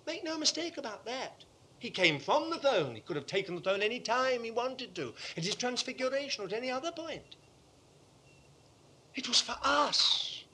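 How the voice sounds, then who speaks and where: A man delivers a sermon in a high, bright voice that rises and falls across a wide range. His tone is slightly husky, and he moves from near-whispers to loud, forceful declarations. He drives his points home by repeating them. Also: sing-song, normal speed. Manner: impassioned, swings from hushed to forceful; emphatic repetition. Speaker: preacher.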